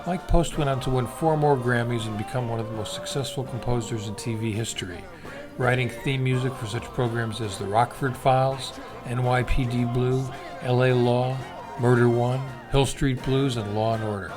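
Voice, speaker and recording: Guy doing documentary narration, even and measured, music playing behind. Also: medium pitch. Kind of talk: scripted narration.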